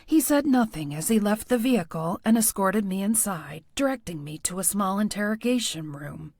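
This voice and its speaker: A woman narrating a first-person audiobook with a wry, expressive delivery on a close studio mic. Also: medium pitch, normal speed, hardly any pauses, no room sound.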